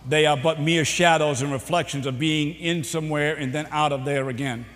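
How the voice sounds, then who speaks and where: A middle-aged man with a Boston accent giving a public speech, telling jokes and his own story with dramatic pauses and "uh" fillers. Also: fairly high pitch, steady tone. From New Bedford, Massachusetts. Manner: warm, joking delivery with dramatic pauses and frequent "uh" fillers. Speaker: keynote speaker. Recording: long hall reverb.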